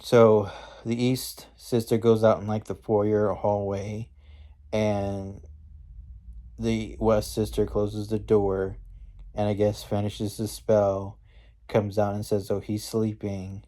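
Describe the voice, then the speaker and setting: Man for a laid-back recap, low-ish, unhurried, rambling. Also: flat delivery, dark tone. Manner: rambling, slangy, with many fillers and restarts. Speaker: movie reviewer. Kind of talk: casual scene-by-scene movie recap.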